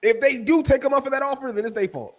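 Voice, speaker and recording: A man's voice: very high-pitched, quick pace. A man co-hosting a live podcast in a casual, joking way, reading viewer comments aloud. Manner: animated, joking, reads chat comments aloud. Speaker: podcast co-host. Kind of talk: casual wrestling podcast chat.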